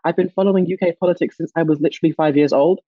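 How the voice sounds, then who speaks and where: A young man in his twenties speaking passionately as an interview guest, often restarting his sentences and rising in pitch when animated. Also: racing, no room sound, phone-quality sound. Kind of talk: candid conversational interview.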